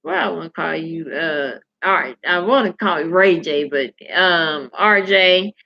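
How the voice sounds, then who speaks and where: Deep and unhurried, this woman's voice carries a casual livestream where she reads comments from viewers. Chatty, salty, and candid, she tells stories and talks directly to the people watching, all captured in a dull lo-fi recording.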